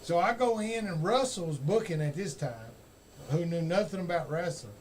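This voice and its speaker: A man in casual chat, telling old wrestling stories in a profane, animated way. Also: fairly high pitch, normal speed, a little hiss or hum, poor audio.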